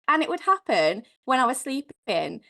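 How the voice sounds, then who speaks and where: A Welsh woman, an adult mother appearing as a podcast guest, frankly tells her personal story in a chatty, candid conversation. Her voice is high and creaky, at normal speed. She's expressive, peppering her speech with "like" and mild swearing.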